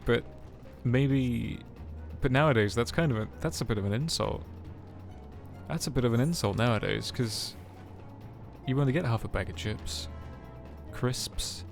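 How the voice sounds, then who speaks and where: Gravelly, sweary streamer. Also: male voice, medium pitch, normal speed, pauses often, soft background music. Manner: sweary, joking, chatty. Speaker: game streamer. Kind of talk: casual gameplay commentary.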